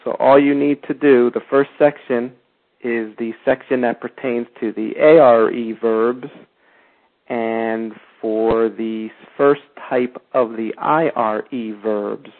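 A man's voice: medium pitch, steady tone, slow. A man teaching a beginner language lesson, patiently stressing each verb form as he goes. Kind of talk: slow step-by-step language lesson. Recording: tinny phone-like audio.

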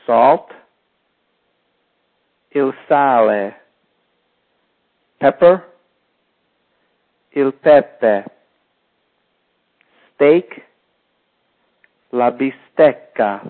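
A man teaching a vocabulary lesson, saying each word slowly and clearly and repeating it. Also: mid-range voice. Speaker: language teacher. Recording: tinny phone-like sound.

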